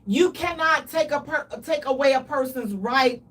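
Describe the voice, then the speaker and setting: A woman co-hosting a casual radio talk show, animated and dramatic, with playful exaggeration. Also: high voice, moderate pace, far from the mic.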